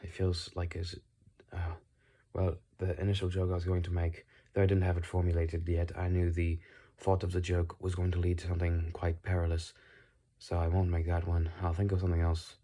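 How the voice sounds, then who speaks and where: A man musing aloud in a put-on British accent, calm and inquisitive, talking with a dry mouth in a rambling solo monologue. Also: low voice, brisk. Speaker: video creator.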